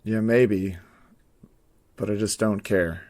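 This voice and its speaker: An actor playing a troubled young male patient in a game, with a flat, withdrawn delivery. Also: on the low side, slow. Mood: glum.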